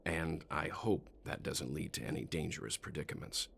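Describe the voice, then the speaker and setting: A man's voice: rumbling low, normal speed, creaky, fairly bright tone, slightly rough, exaggerated voice. A man voicing a character in a video game cutscene.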